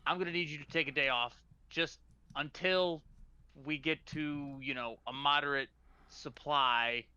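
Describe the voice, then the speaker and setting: A man's voice: on the high side, steady tone, a little slow, bright, forceful tone, clear, resonant tone. A man playing a tabletop game, talking in character with an exasperated, stern, swearing manner. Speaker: player. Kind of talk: in-character tabletop role-play. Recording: dull lo-fi mic sound.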